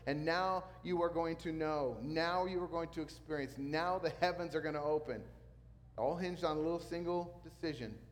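A man preaching a sermon as pastor, animated and acting out the people in the story. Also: a little high, big-room sound. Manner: animated preaching, acts out quotes.

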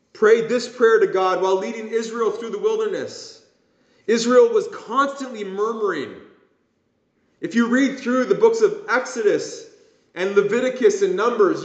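A man's voice: very high-pitched, a bit bright. A man preaching a sermon as pastor, impassioned, sometimes mimicking whining voices. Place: church. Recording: echoey room, dull lo-fi sound.

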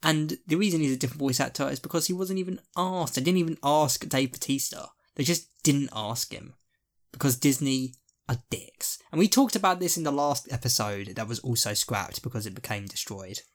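Animated, swearing man in casual chat. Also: medium pitch, a little fast. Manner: animated, swearing, acts out character quotes. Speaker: podcast co-host.

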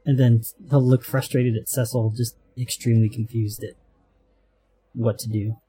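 A man playing a tabletop game who calls out actions plainly. His voice is husky, with a dark, mellow tone. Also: medium pitch, little pitch movement, moderate pace. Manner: matter-of-fact action calls. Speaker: player. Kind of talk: casual tabletop play.

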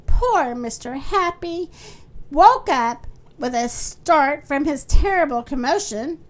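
A woman hosting a children's story podcast, reading a storybook aloud with lively character voices. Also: high-pitched, slow.

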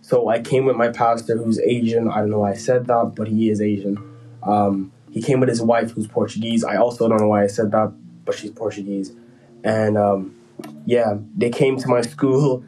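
A man's voice: lowish voice, fairly even intonation, moderate pace, warm tone, faint music behind, low-quality recording. A man chatting casually and telling a rambling, joking story about his school days. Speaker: podcast co-host telling a story. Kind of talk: casual chat.

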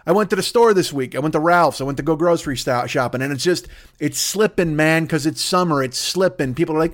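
A man's voice: a little high, animated, brisk. A man hosting a podcast, delivering a profane, comedic rant monologue. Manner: profane, ranting, swears constantly. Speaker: podcast host.

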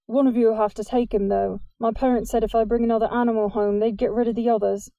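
A soft-spoken, earnest teenage boy with a kind heart for hurt animals, as a woman reads him in a storybook. His voice is mellow and close, in a dry, quiet space. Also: on the high side, level tone, quick pace, no room sound, close to an everyday voice.

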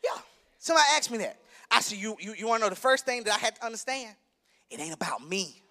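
A young adult man preaching a sermon, emphatic and conversational, rising to shouts. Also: sits high, expressive, quick pace. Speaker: minister preaching.

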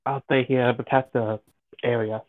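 A man's voice: mid-range voice, fairly even intonation, normal speed. Player, male, guarded short replies, tinny phone-like sound. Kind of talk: tabletop role-play chat.

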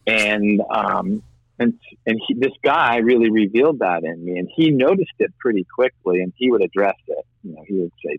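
Low-voiced earnest man. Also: animated, creaky, husky, dry recording. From United States. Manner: earnest, halting, repeats words while telling a story. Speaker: guest. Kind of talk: personal testimony in conversation. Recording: slightly dull, dry audio.

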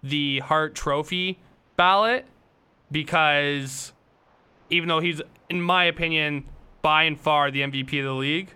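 A man co-hosting a sports podcast who leads the topics, quick and joking in casual chat. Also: on the high side, pushed and bright, clean tone. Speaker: podcast co-host.

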